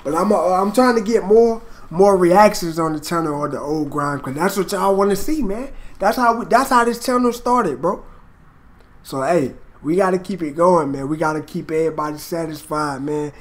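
A man hosting a casual reaction video, excitable and hyped, swearing a lot as he comments. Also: high voice, normal speed.

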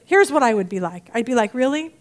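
A woman teaching a Bible study lesson in a chatty, animated way, acting out the people she quotes. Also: fairly high pitch, fast.

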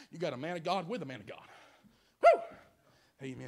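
A man preaching a holiness sermon in a church, building up to shouts and drawing calls of amen from the room, sometimes drifting away from the mic. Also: a little high, fast. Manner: rising to shouts, call-and-response preaching. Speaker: pastor. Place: church sanctuary.

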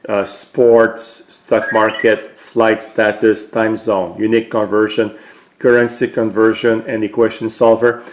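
Relaxed man demoing a gadget, roomy echo. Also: fairly low pitch, slight background noise. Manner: relaxed, explanatory, with hesitant fillers. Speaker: tech vlogger. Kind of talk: casual product demonstration.

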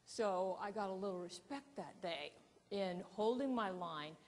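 A woman keynote speaker and presentation coach, telling a story to an audience in a lively, animated way. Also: mid-range voice, unhurried, long reverb tail.

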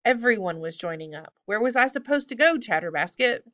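A woman's voice: on the low side, lively intonation, a little slow, lo-fi sound. A woman voicing a cheeky, rude male hobgoblin who keeps calling people names. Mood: indignant. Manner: loud, whiny, name-calling.

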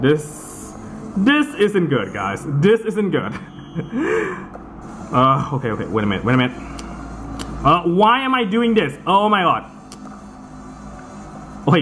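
A man giving casual let's-play commentary over a soccer video game, excitable and quick to swear and groan at the game. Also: a little high, slight background noise. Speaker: gameplay commentator.

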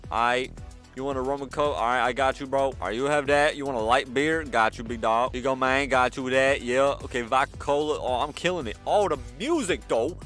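A young man giving casual gameplay commentary as a gaming YouTuber, excitable and slangy, with sudden loud outbursts. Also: medium pitch, brisk, faint music behind.

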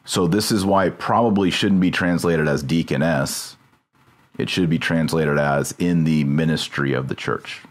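A man's voice: a bass voice, steady tone, moderate pace. A man hosting a podcast, talking through a subject casually and checking terms as he goes. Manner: thinks aloud, checks terms mid-sentence. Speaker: podcast host. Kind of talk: casual discussion.

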